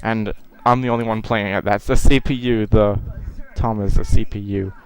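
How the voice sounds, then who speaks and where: Self-mocking young man with a smooth voice. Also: on the low side, steady tone, normal speed, poor audio. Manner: self-mocking, swears freely, exasperated outbursts. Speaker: YouTuber reacting to his old videos. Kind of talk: casual reaction commentary.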